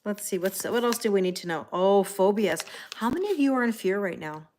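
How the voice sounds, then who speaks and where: A middle-aged woman reading tarot on a livestream, chatting casually, greeting viewers by name and filling pauses with ums and soft laughs. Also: medium pitch, animated, a little hiss or hum. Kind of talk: live-stream casual chat.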